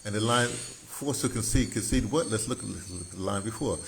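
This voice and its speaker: Low gravelly-voiced man musing aloud. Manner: halting, many restarts, thinking aloud; musing, self-correcting. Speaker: poet. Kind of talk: explaining his own poem.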